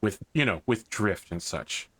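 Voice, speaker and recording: A man narrating a tabletop role-playing game as game master, in a measured, descriptive way. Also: lowish voice, lively intonation, a bit bright, breathy edge, no room sound.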